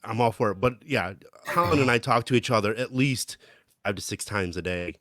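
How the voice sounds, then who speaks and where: A man's voice: fairly low pitch, a little fast, fairly bright tone, dry recording, studio quality. A man co-hosting a podcast, recounting stories in chatty casual talk. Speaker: podcast co-host, amateur hockey player. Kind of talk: casual chat.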